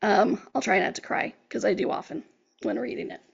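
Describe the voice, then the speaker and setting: Female podcast host and life coach, earnest motivational delivery, raspy with heavy vocal fry, on a dull recording. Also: medium pitch, brisk. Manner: earnest, encouraging, quotes herself and clients in conversation. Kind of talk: motivational talk.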